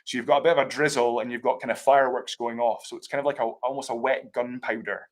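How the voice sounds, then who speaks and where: A man's voice: medium pitch, fairly even intonation, fast talker. Scottish man, brand ambassador, chatty explainer, video call sound, fillers and asides. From Scotland. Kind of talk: live tasting talk.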